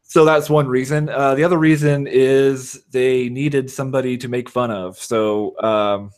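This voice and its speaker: A man's voice: mid-range voice, fairly even intonation, a little slow, a little mellow, smooth. A man chatting casually as a podcast guest, rambling with lots of fillers and poking fun at himself. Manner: rambling, self-deprecating, many fillers. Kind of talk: casual chat.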